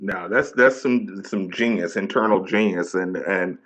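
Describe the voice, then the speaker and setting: Guy hosting a chill interview, bright punchy voice, super chatty and hyped on his guest. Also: low voice, a little slow. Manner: chatty, eager, full of slangy praise. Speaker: podcast host. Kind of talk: casual interview.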